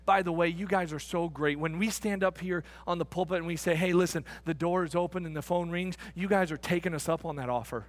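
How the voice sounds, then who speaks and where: A man preaching a sermon as pastor, emphatic and repetitive, calling the congregation friends, building to excited shouts and then dropping to a quiet, close tone. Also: on the high side, fairly quick, hardly any pauses. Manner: emphatic, repeats phrases, addresses the congregation as friends. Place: church sanctuary.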